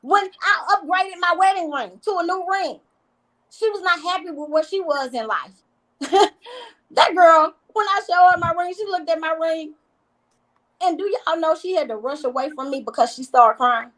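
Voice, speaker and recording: A woman talks in a casual interview. Her voice sits high, and she tells her stories with animated emphasis and plenty of repetition. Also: normal speed, low-quality recording. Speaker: reality TV guest.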